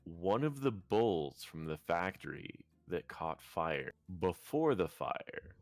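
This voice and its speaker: A man with a low, deep voice hosts a casual live stream and announces each prompt in a relaxed way. His intonation rises and falls in lively arcs. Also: slow pace, dry recording, faint music behind. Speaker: stream host. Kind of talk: casual chat.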